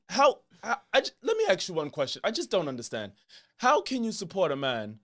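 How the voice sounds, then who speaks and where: A man's voice: fairly high pitch, fairly bright tone. A man doing a smug pompous British TV host. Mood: indignant. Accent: attempted British. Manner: bombastic, talks over his guest. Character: smug pro-Trump British male TV host. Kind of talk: parody sketch from his own video.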